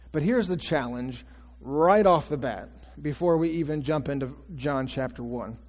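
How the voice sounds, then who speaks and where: A man's voice: fairly high pitch, darkish tone. Man preaching in a reverberant church. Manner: conversational preaching with rhetorical questions and acted quotes. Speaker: pastor. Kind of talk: sermon. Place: church sanctuary.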